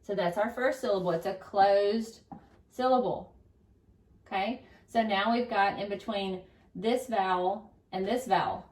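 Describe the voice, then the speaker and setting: A woman's voice: mid-range voice, measured pace, a little mellow. A woman teaching a recorded phonics lesson to young children, upbeat and encouraging, stretching out syllables. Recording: echoey room, distant mic.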